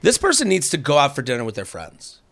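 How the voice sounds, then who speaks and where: A man hosting a podcast in casual chat, an animated storyteller who swears and acts out quotes. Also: medium pitch, fast. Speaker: podcast host.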